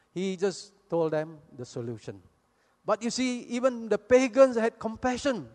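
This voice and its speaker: Man, preaching a sermon in a slow, unhurried delivery, echoing through a reverberant hall. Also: high voice. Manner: acts out the people in the story as he retells it.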